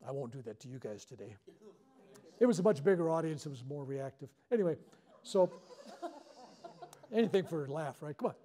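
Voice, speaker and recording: Man, somewhat high voice, self-deprecating humor, live workshop storytelling, spiritual teacher. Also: animated, brisk, long pauses, mellow. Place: workshop before a live audience.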